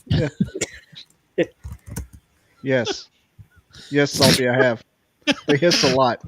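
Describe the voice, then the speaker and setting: A man's voice: mid-range voice, slow pace, background noise. A man co-hosting a casual podcast chat, rambling and ranting playfully.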